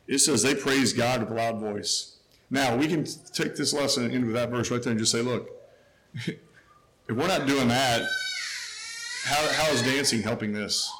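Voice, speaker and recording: Guy preaching a sermon, emphatic, swings loud then low, bit of hiss behind. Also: brisk, rough recording. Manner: emphatic, rising to a near shout then dropping low.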